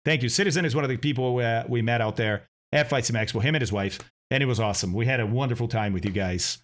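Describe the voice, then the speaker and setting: A man's voice: medium pitch, fast. A man, a streamer animatedly commenting on his own talk and laughing often. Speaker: streamer and flight sim host.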